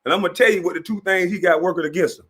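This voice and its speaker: A man's voice: high-pitched, racing, a bit bright, slightly rough. A man in his forties, a former basketball player, ranting in a mocking, profane way, laughing as he talks and acting out the people he quotes. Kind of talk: animated profane rant.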